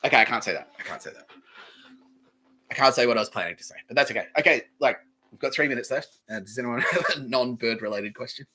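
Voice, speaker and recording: A man's voice: medium pitch, fast talker, pushed and bright, husky. An Australian man hosting a comedy podcast, ranting in a profane, rambling, mock-outraged way. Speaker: podcast host. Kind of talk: comedic rant.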